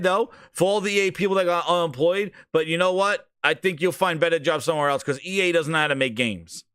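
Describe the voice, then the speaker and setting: A man hosting a casual livestream, ranting about games in a profane, excitable way with frequent laughter. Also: fairly high pitch, dry recording, clean studio sound. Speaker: gaming news streamer.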